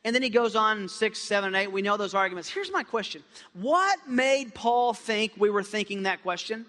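Guy pastor preaching, high bright voice, goes quiet then loud, big echoey hall. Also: normal speed. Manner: impassioned preaching, swings from hushed to loud. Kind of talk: sermon. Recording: long hall reverb.

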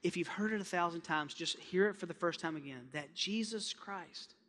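High, bright-voiced preaching man. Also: fast, a little hiss or hum. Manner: impassioned preaching, swings from hushed to loud. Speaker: pastor. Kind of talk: sermon. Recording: long hall reverb.

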